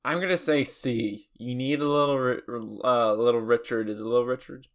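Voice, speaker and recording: A man guessing answers in a casual movie quiz. He thinks out loud and hesitates over his word choices. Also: medium pitch, fairly even intonation, moderate pace. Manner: musing, hesitant, thinks aloud. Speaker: quiz guest. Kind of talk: casual podcast chat.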